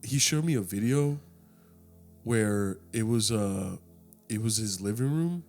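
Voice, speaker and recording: A young man telling a story in a casual podcast chat, animated and profane, acting out the people in his tale. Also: on the low side, a little slow, soft background music.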